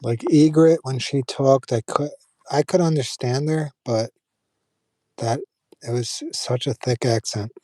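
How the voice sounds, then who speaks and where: Male streamer, relaxed rambling talk, warm low tone, dry booth sound. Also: measured pace, no room sound. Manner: relaxed, rambling, frequent fillers and restarts. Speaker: streamer chatting with viewers. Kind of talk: casual live-stream chat.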